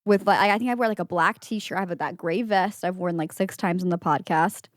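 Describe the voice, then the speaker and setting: A woman's voice: on the low side, fairly quick, dry recording, clean studio sound. A woman co-hosting a podcast in casual chat, giggly and chatty, often saying "like", and reading stories aloud. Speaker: podcast co-host.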